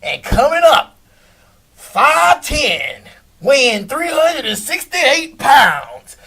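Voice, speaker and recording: A man putting on the voice of an arena ring announcer, drawing out a shouted introduction. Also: very high-pitched, huge pitch swings, voice pushed up, heavily acted. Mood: booming, hyped. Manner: slow, drawn-out, shouted introduction.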